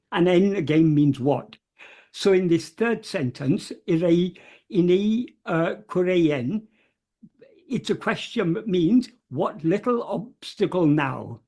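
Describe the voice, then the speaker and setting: A speaker giving a careful, word-by-word explanation, pausing often with fillers and gently repeating key terms. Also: mid-range voice. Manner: hesitant, many pauses and fillers, gentle repetition of terms. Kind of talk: slow, careful explanatory talk.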